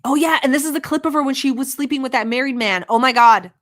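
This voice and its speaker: A woman from the Middle East hosting a reaction channel, commenting on clips in a blunt, animated and sarcastic way, with frequent swearing. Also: high voice, fast.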